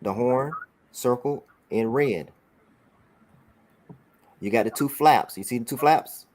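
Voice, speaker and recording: A man's voice: mid-range voice, slow, darkish tone, a little hiss or hum. A man teaching a religious class over a broadcast, often saying "all right" and checking that his student follows along.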